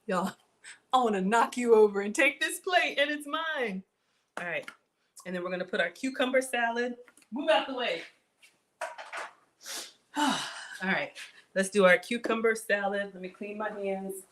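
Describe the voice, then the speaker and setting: A woman hosting a casual live cooking stream from her kitchen, chatty and excitable, talking straight to her viewers as she cooks. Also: mid-range voice, moderate pace, long pauses. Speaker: cooking livestream host. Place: home kitchen.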